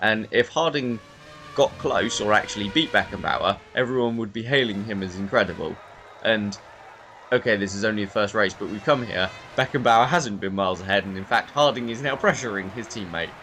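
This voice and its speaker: A young man commentating a racing game in a lively, chatty way, often stumbling over driver names. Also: fairly low pitch, a little fast, a little hiss or hum. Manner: animated, self-deprecating, stumbles over names. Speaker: race commentator.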